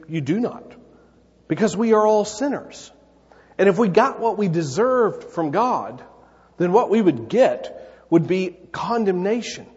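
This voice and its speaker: Husky male preacher in a reverberant hall. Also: high-pitched, darkish tone. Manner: earnest, conversational preaching with quick playful asides. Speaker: pastor. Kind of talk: sermon. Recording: dull long-reverb hall sound.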